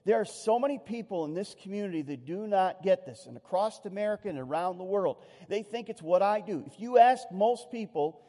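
A male pastor delivers a sermon in a high-pitched yet mellow voice. He is animated and acts out the voices he quotes, then sinks soft and low at solemn points. His words ring with a long hall reverb. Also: a little fast.

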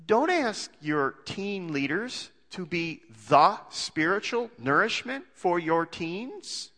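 Lively, bright-voiced man preaching. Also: sits high, slow, hardly any pauses, big-room sound. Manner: conversational, full of rhetorical questions and homely jokes. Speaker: pastor. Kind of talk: sermon.

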